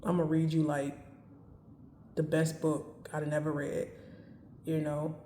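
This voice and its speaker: A woman giving dating advice in a casual talk to camera, speaking calmly and evenly and driving her points home by repeating them. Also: low voice, slow pace, echoey room, a little hiss or hum. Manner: calm, even, straight-talking with emphatic repetition.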